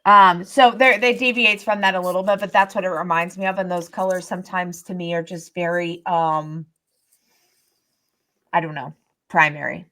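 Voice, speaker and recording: A woman's voice: on the low side, steady tone, normal speed, bright, forceful tone. A woman co-hosting a podcast, talking casually with many fillers and restarts as she explains things from her own experience. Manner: explains tarot practice from experience. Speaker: podcast co-host. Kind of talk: casual chat.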